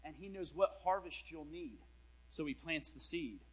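A man preaching a storytelling sermon in a casual, slangy way, swinging between loud bursts and hushed asides. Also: fairly high pitch, animated, moderate pace, low-quality recording.

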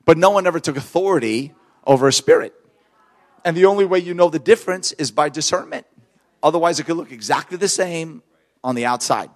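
A man preaching a sermon through storytelling, fervent and animated, laughing between points. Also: a little high, fairly quick.

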